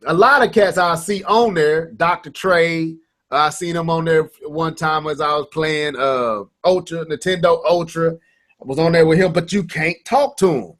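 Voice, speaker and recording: Brief: man in his thirties, gaming podcast co-host, slightly high voice, animated and rambling. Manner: animated storytelling, many restarts and quoted banter. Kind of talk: casual gaming podcast chat.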